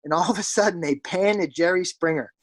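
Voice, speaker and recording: A man's voice: high voice, fairly quick, rough recording. A young man from South Jersey, a ballplayer telling stories casually in an interview, filling his talk with "like" and acting out quotes. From South Jersey, USA. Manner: animated storyteller, acts out quotes in a raised voice, many "like" fillers. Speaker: professional pitcher, guest.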